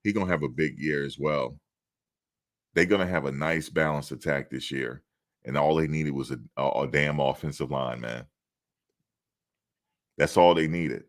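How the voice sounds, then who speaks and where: A man hosting a casual commentary on practice footage, excitable and laughing, repeating his phrases. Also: a bass voice, moderate pace, pauses often. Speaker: host reacting to practice footage.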